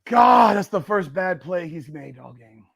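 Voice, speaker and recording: A man hosting a live watch party, reacting loudly and profanely to a football game and arguing with the chat. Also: on the high side, normal speed, vocal fry, slightly rough. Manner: excitable, profane, argues with chat and the broadcast.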